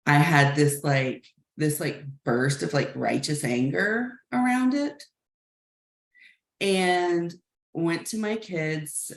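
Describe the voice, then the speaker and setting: A communication workshop facilitator, a woman in her thirties or forties, tells a class a frank, reflective personal story, using "like" as a filler many times. Her low voice has a gravelly edge, and she speaks slowly and thoughtfully. The recording has a roomy echo.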